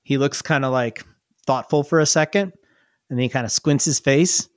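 A man's voice: medium pitch, moderate pace, no echo, studio quality. A man narrating as game master of a tabletop game, rambling with many fillers. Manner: rambling, full of fillers and restarts.

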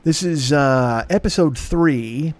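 A podcast host with a voice on the high side speaks slowly as he rambles through a profane, jokey sponsor plug packed with asides, in a casual ad read.

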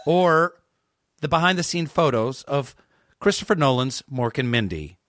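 A man guest on a podcast, chatting casually and riffing on absurd ideas with a deadpan edge. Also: mid-range voice, moderate pace, dry recording, clean studio sound. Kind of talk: casual chat.

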